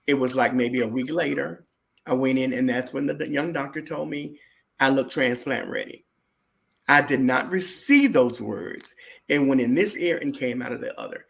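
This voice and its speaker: A man being interviewed as a guest, telling a personal story in an animated way and acting out what other people said. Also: medium pitch, moderate pace, vocal fry.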